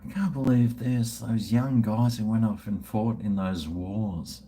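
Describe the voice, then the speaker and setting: Man, livestream host, slow unhurried talk, rambling and crude, faint room hum. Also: on the low side, fairly even intonation, mellow. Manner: rambling and profane. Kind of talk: casual chat with viewers.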